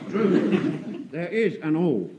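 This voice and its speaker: Mild well-spoken sergeant, languid, polite, lively pitch, hissy old radio. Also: male voice, very slow, full character voice.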